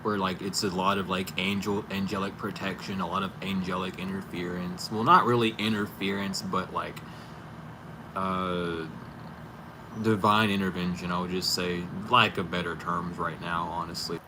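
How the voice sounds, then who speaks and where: A man with a somewhat low voice chats casually on a live stream from home, his talk loose, rambling and sprinkled with swearing and laughter. A clear hiss of noise sits under the audio from his stream mic. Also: flat delivery, normal speed. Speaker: tarot reader streaming live. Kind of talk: casual livestream chat. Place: indoors at home. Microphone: computer or camera mic for a live stream. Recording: noisy home livestream audio.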